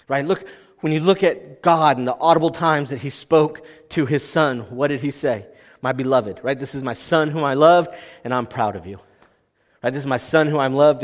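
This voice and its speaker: A man delivers a sermon in a relaxed, conversational way, tossing "right?" to the congregation as he goes. His voice sits at an ordinary middle pitch. The sound carries a long reverb, as in a church sanctuary. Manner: conversational preaching, frequent "right?" tag questions. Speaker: pastor.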